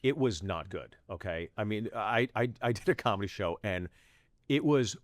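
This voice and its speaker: A middle-aged stand-up comedian from the Pittsburgh area tells animated stories in casual chat, talking quickly, swearing freely, and jumping into quoted voices. His voice is fairly low, captured in a dry, studio-quality recording.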